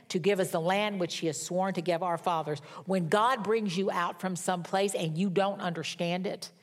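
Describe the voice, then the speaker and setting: A middle-aged woman preaching a sermon, telling a personal story in a candid, self-mocking way. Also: medium pitch. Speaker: pastor.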